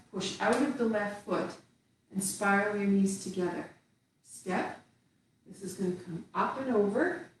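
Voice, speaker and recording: A woman teaching tai chi, giving calm cues while she moves through the form. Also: medium pitch, far from the mic, slight background noise. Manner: calm, slow cues spoken while moving. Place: indoor room with little space. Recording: very echoey room, voice away from the mic.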